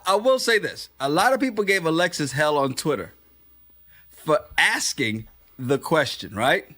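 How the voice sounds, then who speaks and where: A man's voice: high-pitched, sharp tone. A man co-hosting a podcast, chatting casually about a reality show, laughing often and acting out quotes. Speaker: podcast co-host. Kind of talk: casual reality TV recap chat.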